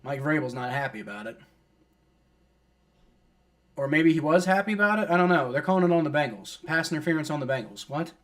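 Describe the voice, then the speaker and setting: A fan streamer doing live football play-by-play talks a little fast in a slightly high, expressive voice, pausing often. Exasperated, he complains at refs and players, swears casually, and uses many fillers like "like."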